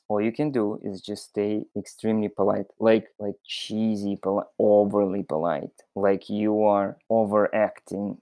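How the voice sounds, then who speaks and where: A man's voice: medium pitch, dark tone, no echo. A young man with a Russian accent and Russian as his first language, talking earnestly and emphatically with many "you know" fillers as an interview guest. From Russian-speaking country. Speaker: interview guest, former waiter. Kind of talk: candid conversational interview.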